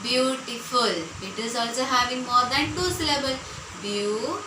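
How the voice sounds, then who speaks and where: A woman, teaching a grammar lesson to children in a patient way, repeating words slowly and checking in often. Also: high-pitched. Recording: echoey room, voice from far off, noisy background.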